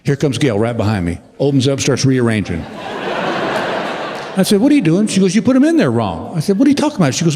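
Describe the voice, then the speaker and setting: A stand-up comedian performs a routine on a large theater stage, a very animated man who talks fast yet drawls as a storyteller. He mimics his wife in a higher voice. The recording carries long hall reverb and a loud crowd, with audience laughter in the background.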